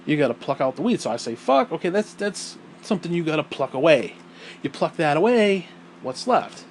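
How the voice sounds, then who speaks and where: A man with a fairly high voice speaks at a normal pace, airing his opinions bluntly on the show he hosts. He swears emphatically and gets animated, pushing his voice up when indignant. Expect slight background noise and low recording quality.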